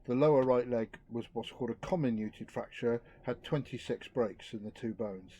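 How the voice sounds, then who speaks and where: A middle-aged man giving an earnest outdoor talk to a youth group, reflective and lively. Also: medium pitch, moderate pace, husky. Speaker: youth speaker.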